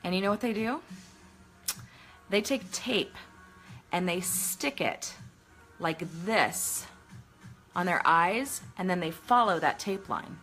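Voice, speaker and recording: A woman's voice: lowish voice, expressive, takes it slowly, pauses often, fairly bright tone, faint music behind. A middle-aged woman chatting casually through a makeup tutorial, self-deprecating and talking as she works. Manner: chatty, self-deprecating, talks while working. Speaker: makeup vlogger.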